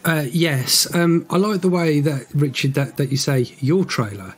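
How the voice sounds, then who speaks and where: Husky-voiced man in teasing banter. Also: fairly high pitch, measured pace. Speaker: podcast co-host. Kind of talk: casual chat.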